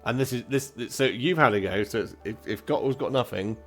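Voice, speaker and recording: A man's voice: medium pitch, a little fast, fairly bright tone, faint music behind. A man narrating a tabletop game as dungeon master, casual and rambling.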